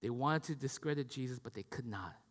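A man preaching a sermon in a lively, conversational way, asking his listeners questions and swinging from loud to hushed. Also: medium pitch, brisk. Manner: conversational, asks the audience questions. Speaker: pastor. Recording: long hall reverb.

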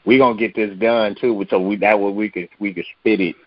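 A man's voice: fairly low pitch, steady tone, a little fast, no echo, muffled recording. A man who is a featured poet guest, chatting casually and easygoing, ending his phrases with "man". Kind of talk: casual chat.

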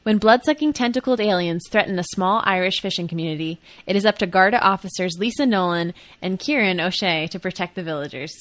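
A woman co-hosting a film podcast in casual chat, chatty and joking with quick asides. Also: mid-range voice, a bit bright. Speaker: podcast co-host.

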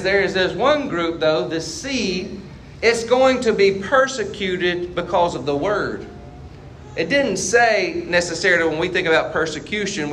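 A man preaching a sermon as a pastor, asking the congregation questions and swinging between loud and quiet passages. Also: high voice, a little hiss or hum. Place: church sanctuary.

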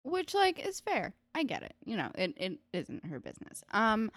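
A woman's voice: fairly high pitch, huge pitch swings, normal speed, a bit bright, dry recording. A woman co-hosting a podcast, chatting casually about a TV episode with lots of fillers and swearing. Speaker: podcast co-host. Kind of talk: casual chat recapping a TV episode.

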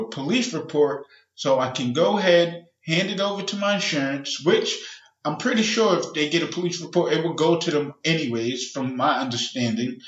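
A man's voice: on the high side, a bit bright, roomy sound, lo-fi sound. A man hosting a podcast alone, ranting casually and profanely, wandering off track and acting out other people's voices. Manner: profane, rambling, acts out quoted voices. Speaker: podcast host. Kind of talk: casual solo rant.

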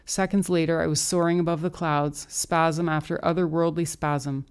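A woman with a low, deep voice reads a first-person story in an audiobook. Her narration is calm, intimate and unhurried. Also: clean tone.

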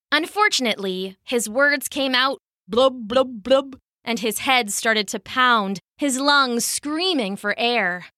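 A woman narrating a children's story in an animated, expressive storytelling manner. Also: fairly high pitch, dry recording, clean studio sound.

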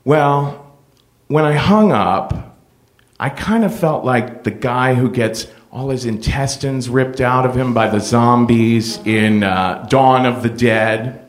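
A middle-aged man hosting a podcast, telling a personal story in a playful, animated way. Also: mid-range voice, slow. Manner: animated, playful, full of impressions. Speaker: podcast host.

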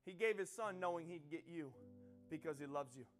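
A male preacher with a high voice delivers a fervent sermon, pressing his points through repetition and swelling to loud, emphatic peaks. Soft instrumental music plays faintly underneath. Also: brisk. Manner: impassioned, rising to loud emphatic peaks, repeats phrases.

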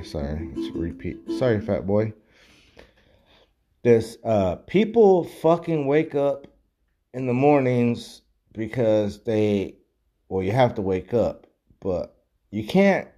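A man's voice: medium pitch, warm tone. Man ranting, swearing nonstop. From United States. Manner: profane, rambling, heavy swearing. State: drinking beer. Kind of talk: casual rambling rant.

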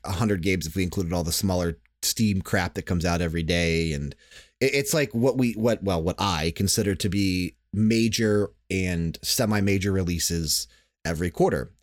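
In a clean studio recording with no room sound, a young man with a low-pitched voice hosts a casual gaming podcast. He chats and rambles, frequently restarting his sentences.

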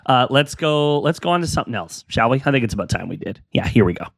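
A man's voice: mid-range voice, sing-song, fast talker, dry recording, clean studio sound. A young adult man hosting a casual solo podcast, rambling and self-deprecating while he encourages his listeners. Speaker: podcast host.

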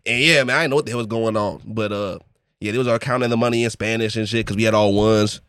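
Fast, bright, excitable man. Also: fairly low pitch, clean tone, dry recording, clean studio sound. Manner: excitable, laughing storyteller. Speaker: podcast co-host. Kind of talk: casual storytelling chat.

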